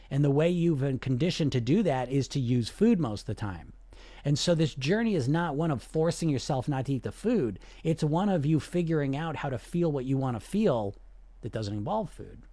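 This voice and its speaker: A man's voice: a little high, dark tone, no echo. A man, coaching on weight loss and talking earnestly and persuasively, often checking in with the listener. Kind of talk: direct-to-camera coaching talk.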